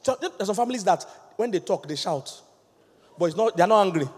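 Preaching in a large hall, a Nigerian-accented pastor speaks fairly quickly in a high, slightly rough voice. He is lively and emphatic, throwing questions out to his congregation throughout the sermon.

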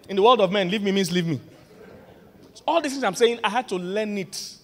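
A male pastor, preaching a lively, humorous sermon that builds to loud emphatic points. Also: high-pitched, quick pace. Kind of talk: sermon on marriage. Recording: long reverb of a large hall.

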